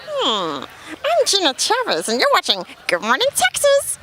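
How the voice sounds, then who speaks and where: A woman putting on a deliberately bad, exaggerated accent in a slow, drawn-out delivery. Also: on the high side, wildly swooping pitch, bright, forceful tone, slight background noise, exaggerated voice. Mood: playful. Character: silly put-on accent, woman's own high voice.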